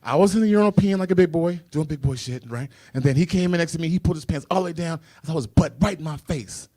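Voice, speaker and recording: A man in his forties from the Midwest, a comedian and host doing a profane stand-up set and jumping into sudden high shrieks. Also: fast, dark tone. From Chicago. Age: 40s. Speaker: comedian and game show host.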